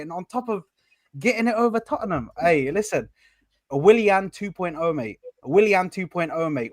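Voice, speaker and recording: A man giving his view as an Arsenal fan, excitable and boastful, full of slang and repeated "mate". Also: high-pitched, no echo. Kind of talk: casual football debate.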